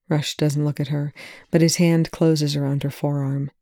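Brief: quiet audiobook narrator, gravelly and mellow, dry close mic. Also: medium pitch, flat delivery, moderate pace, no room sound. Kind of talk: audiobook reading of fan fiction.

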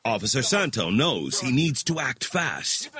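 Male host, scripted true-crime narration, lively and dramatic pitch. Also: a little slow, crowd noise. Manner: dramatic, with deep drops on ominous phrases.

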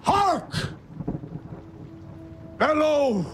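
A man's voice: very high-pitched, sing-song, drawn-out words, exaggerated voice. An actor playing an old, drunk sea captain who roars his lines theatrically in a film. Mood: thundering. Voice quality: roaring, theatrical. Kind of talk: film acting. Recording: film clip under loud noise.

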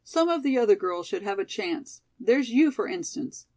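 A woman's voice: mid-range voice, sing-song, moderate pace, a little mellow, dry recording. A woman voicing a frank, practical young college girl in a storybook reading. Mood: matter-of-fact.

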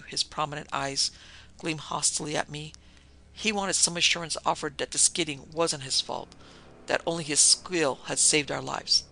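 A man reading a novel aloud as a steady, measured audiobook narrator. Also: fairly high pitch, vocal fry, slight background noise, poor audio. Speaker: audiobook reader. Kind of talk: scripted narration.

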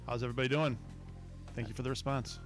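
Male co-host, casual chat, dry and agreeable, garage studio, mid-pitched voice. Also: steady tone, fast talker, music in the background. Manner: dry, agreeable short replies. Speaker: podcast co-host.

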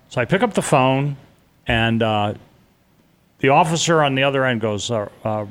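A man's voice: medium pitch, expressive, normal speed, a bit bright. A middle-aged man telling a personal story in a casual, vivid way as an interview guest, acting out the voices of the people he quotes.

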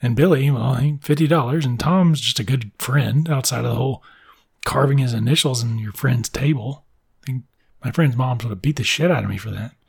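A young man with a rough, gravelly edge to his voice and a husky grain underneath. He recaps a story with crude, sarcastic humor, swearing freely and popping into quick character voices. The delivery is comedic and loose. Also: mid-range voice, a little mellow. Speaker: comedic book reviewer. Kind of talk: profane comedic story retelling.

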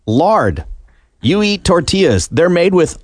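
A man's voice: high-pitched, sing-song, takes it slowly, no room sound. A man co-hosting a podcast, chatting in a wry, teasing way and swearing casually. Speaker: podcast co-host. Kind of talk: casual chat.

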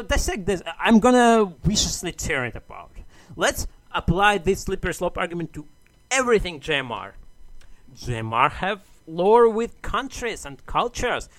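A listener sends a show an audio message: a man reading out a mock-grandiose, argumentative monologue. His voice sits high and a bit bright, and the recording is dry.

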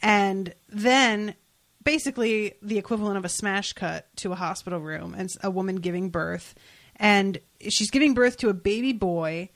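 A woman's voice: mid-range voice, moderate pace. A woman co-hosting a casual podcast, retelling a comic story and quoting its characters, often laughing. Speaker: podcast co-host. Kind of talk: casual chat recapping a comic.

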